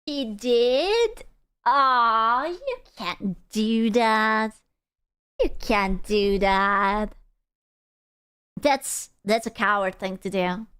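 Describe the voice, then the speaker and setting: A woman's voice: a little high, animated, drawn-out words, a bit bright, clean tone, dry recording. A woman from Europe streaming a casual reaction, talking bluntly, swearing and joking sarcastically.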